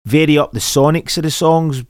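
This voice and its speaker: A man's voice: fairly high pitch, normal speed, dry recording, clean studio sound. A young Scottish man hosting a podcast, chatting casually in a blunt, sweary, mocking way. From Scotland. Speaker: podcast host. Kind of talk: casual chat.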